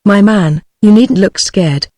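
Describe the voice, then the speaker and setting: A text-to-speech woman's voice with a British English accent, reading the lines of a brisk, teasing male island doctor in an even tone. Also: medium pitch, no room sound. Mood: bluff. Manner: even synthetic reading, no character voice.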